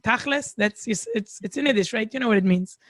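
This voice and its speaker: A woman's voice: on the high side, a little fast, a bit bright, dry recording. A woman from Israel speaking on a video call, searching for words with frequent fillers and restarts. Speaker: guest speaker. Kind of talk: warm conversational talk.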